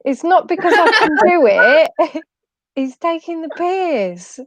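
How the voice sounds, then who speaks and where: A woman's voice: extremely high pitch, sing-song, takes it slowly, background noise. A woman on a video call, bashful and laughing as she talks. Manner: bashful, laughs while talking. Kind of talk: casual chat.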